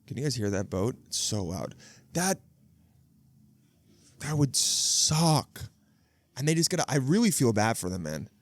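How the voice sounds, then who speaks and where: A podcast host in his thirties, recorded outdoors near water on a video podcast camera setup with no echo, delivers a solo monologue that's rambling, profane, and comedic, full of restarts. His mid-range voice swings widely in pitch, and he talks unhurriedly, pausing often.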